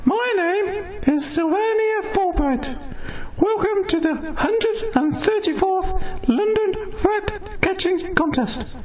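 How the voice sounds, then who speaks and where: Man doing a high, slow, fussy lady official for a school panto. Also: lively intonation, a little mellow, full character voice, poor audio. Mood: flustered. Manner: flustered, formal announcing. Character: fussy woman contest official Sylvania Fulbright.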